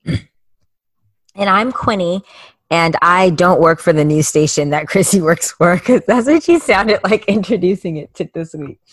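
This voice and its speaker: A woman co-hosting a podcast in casual chat, playful and teasing, swooping high when she mimics. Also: unhurried, dry recording. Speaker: podcast co-host.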